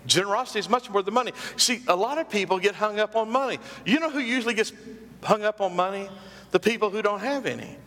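A man's voice: sits high, brisk, a bit bright. A man preaching a sermon as pastor, repeating phrases and calling out questions to the congregation. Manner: call-and-response preaching, repeats phrases for emphasis. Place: church sanctuary. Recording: long hall reverb.

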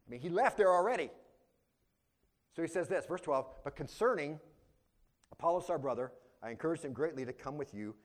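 In a verse-by-verse expository sermon, a male pastor speaks at a medium pitch. His delivery is conversational and punctuated by check-ins with the congregation, shifting between loud, emphatic moments and hushed asides.

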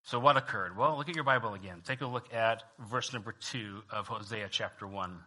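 A man delivers a sermon from the pulpit in a casual, talking-to-you way. His voice is strikingly bright and forceful. He drops to a near hush when reading, then climbs back to full volume. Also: on the low side, brisk. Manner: conversational preaching, swinging from hushed to loud. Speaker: pastor.

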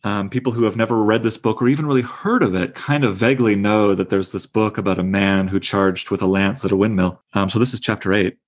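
A man's voice: lowish voice, brisk, hardly any pauses. A man teaching a literature class, talking in an enthusiastic, conversational way with fillers. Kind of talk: lecture and discussion.

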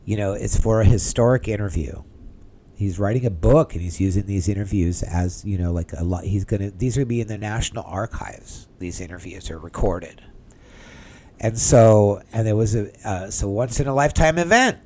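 A man casually telling a personal story to the camera in an excitable, rambling way, acting out the conversations he had. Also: lowish voice, normal speed. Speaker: vlogger.

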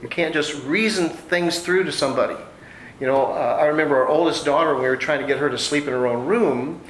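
A slightly high-voiced man delivers a sermon, reading scripture aloud and then talking it through in an easygoing, conversational way. His voice rings in a roomy, echoey space with a faint hum of ambience behind it. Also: a little fast, fairly bright tone. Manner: conversational preaching with homey anecdotes. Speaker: pastor.

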